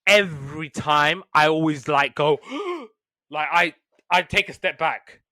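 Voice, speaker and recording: A man hosting a podcast in casual chat, retelling cartoons with lively put-on voices. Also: on the high side, unhurried, dry recording, clean studio sound. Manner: animated storytelling with put-on voices. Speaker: podcast host.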